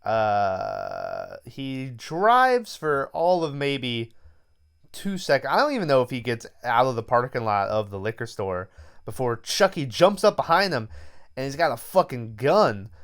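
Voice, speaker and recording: Smooth-voiced man recapping a movie. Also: mid-range voice, wildly swooping pitch, measured pace, fairly bright tone. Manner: loose, profane storytelling. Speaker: podcast host. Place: lying on his bed at home.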